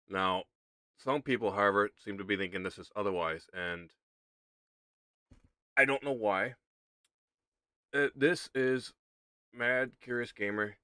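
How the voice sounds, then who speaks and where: A man hosts a casual gaming livestream, chatting straight to his viewers. His voice sits a bit low but sounds bright and forward. He keeps restating his point with easy, conversational emphasis. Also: no room sound. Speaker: streamer.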